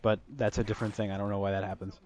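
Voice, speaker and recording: A man's voice: on the low side, little pitch movement, very fast, a little mellow, slight background noise. A young man telling a casual storytime about his school days, rambling with lots of fillers and swearing freely. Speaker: storytelling vlogger. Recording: dull lo-fi recording.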